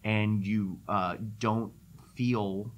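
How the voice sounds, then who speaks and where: Man on a conference Q&A panel, lowish voice, relaxed chat, slight background noise. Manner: conversational, with frequent "uh" pauses. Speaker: conference speaker answering questions. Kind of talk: casual Q&A talk.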